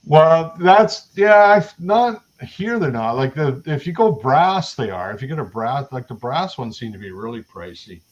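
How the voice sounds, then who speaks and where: Canadian man, casual podcast chat, rambling, animated pitch, dull lo-fi sound. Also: normal speed, hardly any pauses. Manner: rambling, with many restarts. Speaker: podcast co-host.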